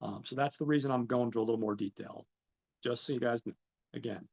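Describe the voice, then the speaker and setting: A man's voice: mid-range voice, quick pace, vocal fry, darkish tone. A man hosting a podcast, recapping a film in a rambling way with many ums and restarts. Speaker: podcast host. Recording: slightly dull, lo-fi recording.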